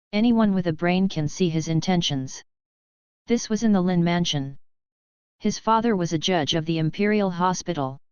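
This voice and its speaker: A woman narrating an audiobook novel in a steady, unhurried reading voice. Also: lowish voice, clear, resonant tone, dry recording, dull audio.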